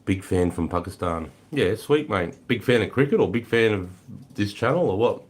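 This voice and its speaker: Laid-back deep-voiced Australian man chatting live. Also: expressive, normal speed. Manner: swears freely, laid-back, greets chatters as mate and brother. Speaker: livestream host. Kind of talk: casual livestream chat reading comments.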